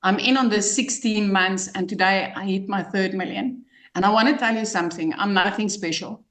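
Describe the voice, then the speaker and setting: A woman with a South African accent giving an emotional, excited testimonial as a guest. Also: medium pitch, normal speed, roomy sound. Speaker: guest client.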